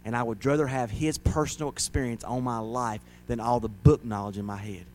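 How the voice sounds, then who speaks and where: A man's voice: medium pitch, fairly even intonation, brisk, slight background noise. Folksy preacher man. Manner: folksy and conversational, rising to loud dramatic shouts when acting out the crowd. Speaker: pastor. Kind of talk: sermon. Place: church.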